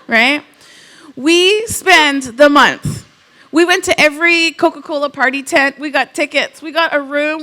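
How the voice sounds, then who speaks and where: A woman from Canada giving a conference keynote, telling humorous, animated stories full of quoted asides. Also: sits high. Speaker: keynote speaker.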